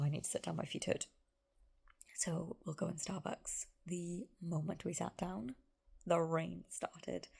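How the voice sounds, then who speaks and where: A woman, talking through a casual vlog in a rambling, chatty way with plenty of fillers and side notes. Her voice sits on the low side with a gravelly fry, and she often sinks into a soft whisper. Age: 30s. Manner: chatty and rambling, full of "like" and asides. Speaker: vlogger. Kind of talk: casual vlog chat to camera.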